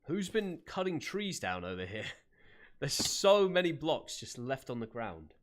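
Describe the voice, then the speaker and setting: Guy streaming a roleplay game, does a put-on accent, chatty, laughs a lot, mid pitch. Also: big pitch swings, measured pace. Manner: chatty, laughs often, greets viewers by name; puts on an accent for his character. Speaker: streamer playing a roleplay character. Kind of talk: live gaming stream chat in character.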